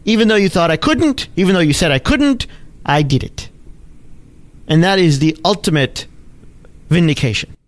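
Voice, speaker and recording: A man hosting a podcast, telling a personal story in an emphatic, animated way with punchy exclamations. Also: sits high, moderate pace, pauses often. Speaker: podcast host, trading educator. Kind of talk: storytelling monologue.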